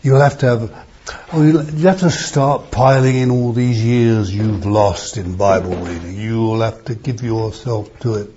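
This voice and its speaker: A man's voice: fairly low pitch, a little slow, dark tone, dull audio, a little hiss or hum. A man preaching an expository sermon, emphatic, asking rhetorical questions and breaking into raised bursts.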